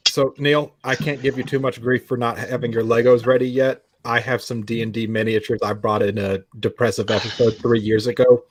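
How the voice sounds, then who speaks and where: A man's voice: mid-range voice, flat delivery, brisk, few pauses. A man from Alabama in a casual online chat, joking in a dry, self-deprecating way.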